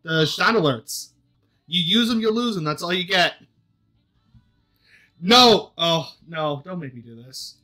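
Guy hosting a chill group podcast, laughs a lot, teases his friends, pretty bright voice. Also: high-pitched, a little slow, pauses often, faint music behind. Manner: laughing, teasing, excitable. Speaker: podcast host. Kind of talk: casual group chat.

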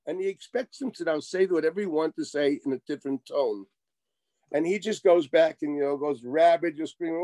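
A middle-aged man delivers a Torah lecture in a fairly high, mellow voice. He is animated and wry, acting out exchanges as he teaches. The sound is close and dry. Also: fairly quick, no echo. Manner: animated, wry asides, acts out quoted exchanges. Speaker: rabbi lecturing.

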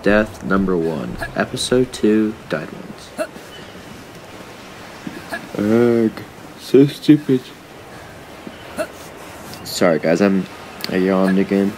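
A man narrates his own gameplay in an unhurried, very low voice with a gravelly edge. He grumbles at the creatures on screen and talks straight to his viewers. Game music plays clearly behind him. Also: a little mellow, slight background noise. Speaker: gaming YouTuber. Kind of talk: casual game commentary.

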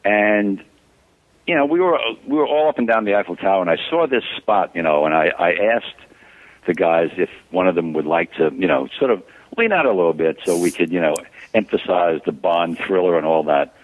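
An older man in his sixties reminisces over a tinny phone line, his voice very low but swinging widely in pitch. He speaks in a relaxed, rambling way with many fillers as an interview guest. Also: brisk. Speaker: photographer, guest.

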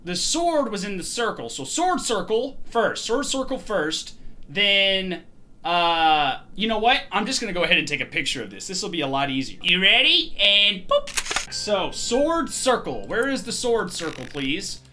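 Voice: medium pitch, moderate pace, noisy background. A gaming host giving let's play commentary on a horror game, talking to the objects on screen and swearing and yelping at the scares. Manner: excitable, swears and shouts at scares.

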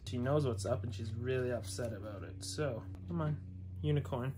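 A man packing up his animal enclosures, gently coaxing an upset pet into a cup. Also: medium pitch, moderate pace. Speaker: reptile keeper. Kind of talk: hands-on moving vlog. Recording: noisy with music behind.

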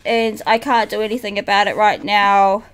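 A woman's voice: mid-range voice, flat delivery, normal speed, a bit bright. A woman streaming a horror game, talking to her chat, jumpy and prone to shrieks and repeating herself. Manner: talks to chat. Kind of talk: live horror game commentary.

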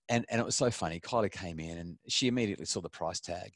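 A middle-aged man, an animated storyteller who restarts his sentences often as he gives parenting advice. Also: on the low side, quick pace, no echo, clean studio sound. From Australia. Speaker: parenting expert. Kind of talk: talk to an online audience.

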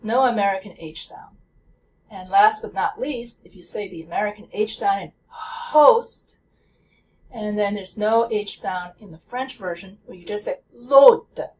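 A woman teaching a pronunciation lesson, speaking slowly and deliberately and repeating example words. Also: mid-range voice, recorded from a distance, slight background noise, poor audio. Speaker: language teacher.

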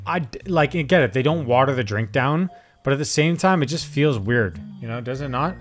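A man talking through viral clips with a friend, curious and chatty, thinking out loud as he goes. His voice is mid-pitched, and soft music plays faintly underneath. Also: lively intonation, a little fast. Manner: chatty, curious, hedging with fillers. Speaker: reaction video host. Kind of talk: casual reaction chat.

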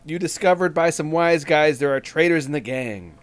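Brief: upbeat male podcast co-host with a somewhat high voice, jokey and giggly. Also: normal speed, clear, resonant tone. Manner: playful, laughs often, reads game blurbs aloud. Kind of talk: casual podcast chat.

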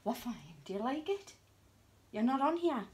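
A woman chatting on a casual vlog, excitable and cheeky, swinging between gushing and hushed asides. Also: high-pitched, moderate pace. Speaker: vlogger.

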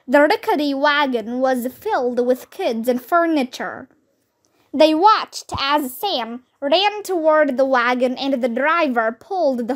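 Woman narrator for a kids' read-aloud, high voice, slow and steady delivery. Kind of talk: reading a children's book aloud.

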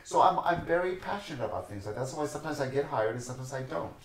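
Fairly high-pitched and expressive, this man talks rapid-fire in a reverberant, low-quality recording with a little hiss or hum. A dancer and teacher on a podcast, he tells stories passionately and acts out their characters' voices.

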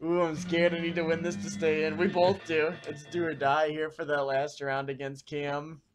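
An excitable man hosting a let's-play, his voice sitting high as he swears freely and yelps at every lost round. Game music runs loud behind the chatter. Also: normal speed. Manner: excitable, swears a lot, cries out at losses. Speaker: channel host. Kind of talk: casual let's-play banter.

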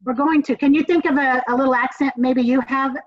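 Southern American woman, professor type, bright-leaning higher voice, energetic and encouraging; dull, dry lo-fi sound. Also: fairly quick, no echo. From Southern United States. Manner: energetic, encouraging, emphatic repetition. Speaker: communications professor. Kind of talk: classroom lecture.

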